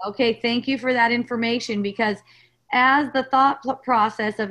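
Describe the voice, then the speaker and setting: Gentle woman coaching on a video call. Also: a little high, steady tone, moderate pace, low-quality recording. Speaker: host. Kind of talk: spiritual coaching chat on a webinar.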